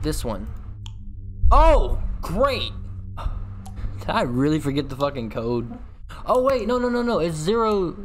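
A man giving horror game commentary, swearing constantly and yelling when he gets startled. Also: a little high, slight background noise. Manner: swears constantly, jumpy and loud when scared. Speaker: gaming video host.

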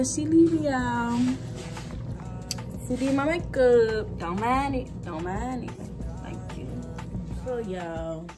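A young woman vlogging in casual chat, talking fast and repeating herself as she gets excited. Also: fairly high pitch. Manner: chatty, repeats phrases, excitable. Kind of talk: casual selfie vlog chat.

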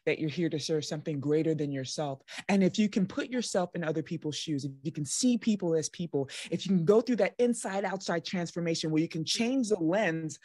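A woman's voice: on the low side, expressive, fairly quick, hardly any pauses, a little mellow, dry recording. A woman hosting a podcast, upbeat and chatty, sometimes reading prepared lines. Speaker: podcast host. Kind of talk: casual interview chat.

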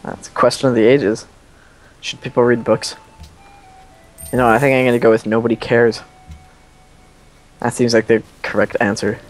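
A man's voice: medium pitch, little pitch movement, moderate pace, pauses often, faint music behind. A young man hosting a multiplayer strategy game session, rambling and joking in casual banter. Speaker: let's play host.

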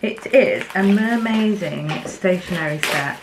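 A young woman from England unboxing gifts in her home craft studio, chatty and excitable, with fillers and little laughs. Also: fairly low pitch, measured pace, background noise. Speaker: craft vlogger. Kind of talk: casual unboxing chat to camera.

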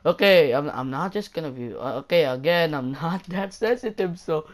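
A woman's voice: low-pitched, lively intonation, normal speed, hardly any pauses. A woman ranting in a casual vlog, rambling and exasperated, packed with fillers and repetition. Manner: exasperated, mocking. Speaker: YouTuber.

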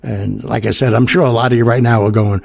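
A man's voice: medium pitch, fairly even intonation, quick pace, gravelly, darkish tone, breathy edge. An older man hosting a podcast, telling stories in a rambling, casual way full of fillers and asides. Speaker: podcast host. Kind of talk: casual storytelling monologue.

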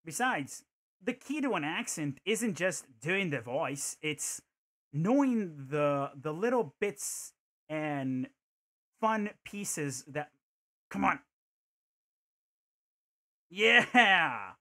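A man's voice: on the high side, animated, takes it slowly. A man streaming a video game, chatting casually and thinking aloud, with playful joking asides. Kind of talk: casual gameplay commentary.

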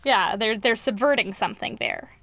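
A woman co-hosting a podcast in casual chat, enthusiastic and quick to laugh. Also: fairly high pitch, vocal fry, a bit bright, no echo. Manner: enthusiastic, laughs often, fast bursts. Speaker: podcast co-host.

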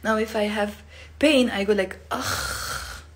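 A woman from Lebanon giving a casual online language lesson, acting out each sound playfully with big jumps in pitch and loudness. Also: normal speed. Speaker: Lebanese Arabic teacher.

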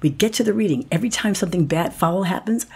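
A woman's voice: lowish voice, fast talker, darkish tone, husky. A woman guest on a podcast telling a personal story with animation, acting out the dialogue and laughing as she talks.

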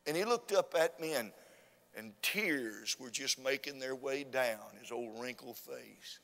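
A man preaching a revival sermon with fervent, repetitive emphasis that rises to loud urging. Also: mid-range voice, animated, a little slow, creaky. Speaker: visiting preacher. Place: church sanctuary. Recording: long church hall reverb.

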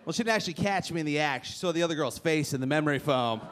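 A man's voice: fairly high pitch, very fast. A man doing a stand-up set on a comedy club stage, brash and teasing the crowd with punchlines. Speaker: stand-up comic. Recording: live club recording with crowd noise. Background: audience noise and laughter.

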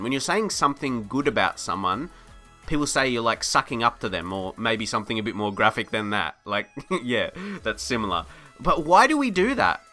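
A man talks through a football video game in loose, rambling commentary. His voice is very bright and sharp, and he laughs easily and lifts with excitement at a good move. Faint music plays underneath. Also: medium pitch. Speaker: gaming video host. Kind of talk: casual gameplay commentary.

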